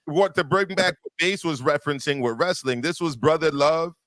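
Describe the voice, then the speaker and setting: Emphatic higher-voiced man arguing hard. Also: moderate pace, fairly bright tone, no echo, studio quality. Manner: emphatic, argumentative, repeats words when pressing a point. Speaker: boxing debate panelist. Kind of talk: heated panel debate.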